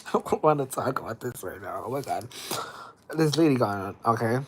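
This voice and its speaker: A livestream host telling a story in an animated, dramatic way, with sudden squeaky high exclamations. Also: male voice, moderate pace, slightly rough. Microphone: streaming setup.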